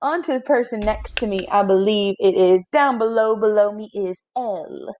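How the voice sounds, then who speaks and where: A woman's voice: mid-range voice, normal speed, a little mellow, highs cut off, slight background noise. A woman introducing her character in casual chat, chatty and giggly, on an online call. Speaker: player.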